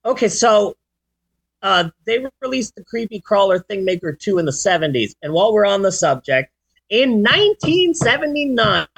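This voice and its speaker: A man in his forties hosting a podcast, chatting casually and telling stories in an animated way. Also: high voice, gravelly, breathy edge. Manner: animated storyteller, does sound effects. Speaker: podcast host. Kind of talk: casual chat.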